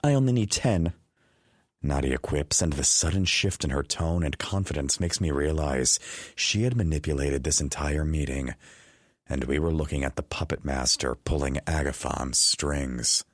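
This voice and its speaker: A male audiobook narrator with an extremely deep, low voice, reading in a measured first-person style. The sound is dry and close, with no room around it. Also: no echo. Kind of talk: scripted narration.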